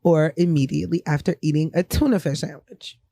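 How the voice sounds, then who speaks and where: A woman's voice: low voice, brisk, gravelly, warm tone, dry recording. A woman hosting a casual podcast chat, teasing her guests and laughing often. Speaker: podcast host.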